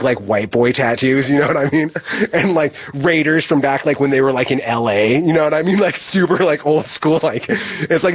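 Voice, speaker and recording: A man's voice: mid-range voice, breathy edge, dry recording. An incarcerated man telling a story in a rambling casual way, filling his speech with "like" and small laughs.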